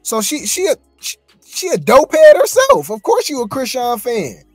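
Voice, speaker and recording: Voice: mid-range voice, huge pitch swings, moderate pace, husky, dry recording, faint music behind. Incredulous gossip host on a dry mic. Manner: incredulous, chatty, slangy. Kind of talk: reaction commentary.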